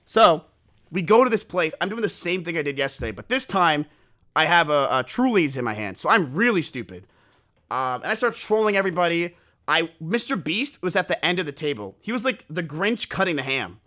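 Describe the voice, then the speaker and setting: Young male streamer, high-pitched, swearing, animated storyteller. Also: brisk. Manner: animated, swearing, self-mocking. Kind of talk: casual storytelling to stream chat.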